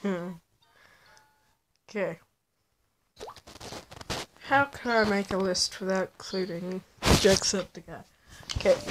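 A woman's voice: mid-range voice, very noisy. A woman chatting casually in a rambling, self-deprecating way as she ranks her favorite video makers. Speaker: YouTube vlogger. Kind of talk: casual vlog commentary.

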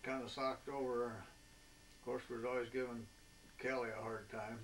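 A man in his eighties, a veteran, recalling his wartime years in a folksy, rambling way with many filler pauses. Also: mid-range voice, flat delivery. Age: 80s. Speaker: veteran interviewee. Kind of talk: oral history reminiscence. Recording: distant mic with faint background noise.

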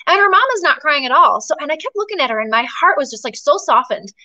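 A woman tells a personal story as an interview guest, chatty and animated, her talk full of fillers. Her voice sits a little higher than most, and she keeps the pace of relaxed conversation. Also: quick pace, lo-fi sound.

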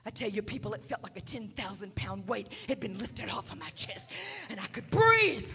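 A woman in her sixties preaching a testimony sermon in a church, dropping to hushed near-whispers and rising to fervent shouts. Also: medium pitch, very animated, normal speed, long reverb tail. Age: 60s. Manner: breaks into speaking in tongues. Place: large church sanctuary.

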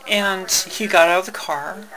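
A woman telling a personal story in a halting way, with many fillers, restarts and wry laughs. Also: medium pitch, sharp tone, low-quality recording.

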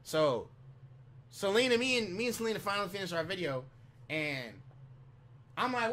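A man with a high, bright voice tells a rambling story as a vlogger in casual storytelling. He is animated and profane, restarts quickly, and keeps repeating "you know what I'm saying."

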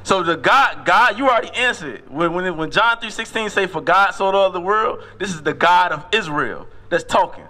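Insistent street preacher, bright voice. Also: male voice, sits high, lively intonation. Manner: questioning, insistent teacher, repeats scripture slowly.

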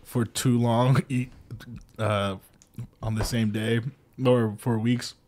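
A man's voice: mid-range voice, level tone, takes it slowly, darkish tone. A man co-hosting a podcast, teasing the others and asking questions. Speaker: co-host. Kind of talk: casual chat.

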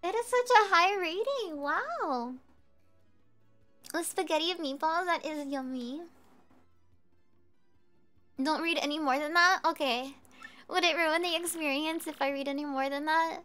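A woman streamer chatting casually with viewers while she plays a game, bubbly and quick to giggle. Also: high voice, faint music behind. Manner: bubbly, giggly, easily excited. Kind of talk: casual gameplay chat.

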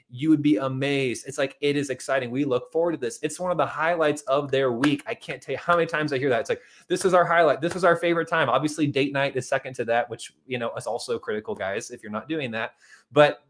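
A man coaching couples on money, talking in an energetic, chatty way and often calling his listeners "guys". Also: mid-range voice. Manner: energetic, chatty, keeps saying "guys" and "okay". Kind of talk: motivational talk to couples.

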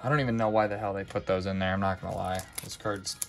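A man's voice: deep voice, steady tone, fast talker, creaky, faint music behind. A young man hosting a live trading card break, listing names as he opens packs and stumbling over his words now and then.

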